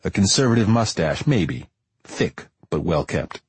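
A man giving measured, deliberate first-person audiobook narration in a dry storytelling manner. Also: sits low, big pitch swings, slightly rough, no echo.

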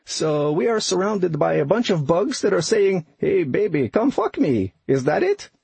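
A man voicing an excitable, boyish young hiker who talks in a giddy, wide-eyed, playful way. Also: sits high, measured pace, gravelly, husky, no echo, pitched above the performer's own voice, full character voice.

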